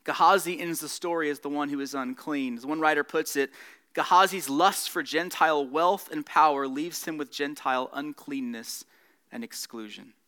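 A man preaching a sermon, earnest, rising in emphasis and dropping soft at the close of points. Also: a little high, moderate pace, smooth. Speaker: pastor.

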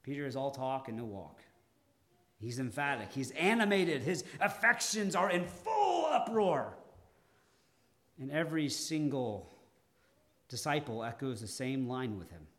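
A male pastor preaching a sermon, deliberate and dramatic, pausing often and swinging between emphatic and hushed delivery. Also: medium pitch, very animated.

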